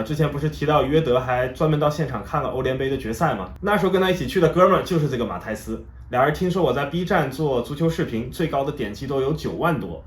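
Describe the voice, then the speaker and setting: A man from China who tells a lively story, then hosts a casual interview with two guests. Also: medium pitch, roomy sound. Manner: lively storyteller, voices quoted people. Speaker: host and interviewer.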